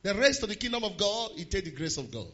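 A male preacher with a very high, piercing bright voice and lively, leaping pitch. He swings from hushed asides to slow, shouted declarations. The recording sounds dull and muffled. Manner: swings from quiet to shouted emphasis, slows hard on key lines. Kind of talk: sermon.

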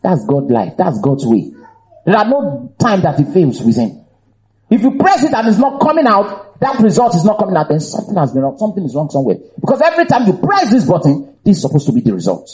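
A male preacher with a high voice that swings widely in pitch, delivering an emphatic, animated sermon. He drives his points home by repeating phrases. The recording is dull and lo-fi. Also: brisk. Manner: animated, emphatic, bursts into shouts and laughter.

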